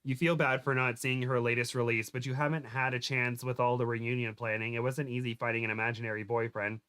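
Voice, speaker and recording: Guy reading cringey fanfic out loud, medium voice, keeps cracking up and tripping on words. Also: medium pitch, flat delivery, clean tone. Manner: reads aloud with stumbles and giggles, quick voice shifts for quotes. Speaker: podcast host reading fan fiction aloud. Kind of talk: comedic dramatic reading.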